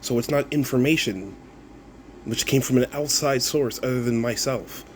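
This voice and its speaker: A man of middle pitch ranting back at online critics, scoffing, swearing and laughing at them as he goes. He talks loosely and circles back over his own words. A faint hum of noise sits behind him. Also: normal speed. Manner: mocking, laughs often, swears, repeats himself. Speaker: content creator replying to comments. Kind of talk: casual video rant.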